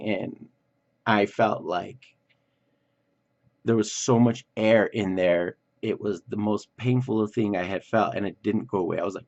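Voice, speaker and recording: A man casually telling a personal story for his vlog, animated and swearing freely, acting out what others said. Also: lowish voice, muffled recording.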